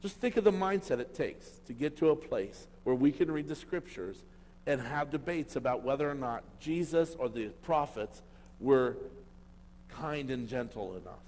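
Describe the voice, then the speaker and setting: A man preaches a sermon with emphatic rhetorical questions, rising to loud bursts and dropping to quiet asides. His voice sits at an ordinary middle pitch for a man. A long reverb trails his words through the church hall. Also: expressive, moderate pace, a little hiss or hum. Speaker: pastor.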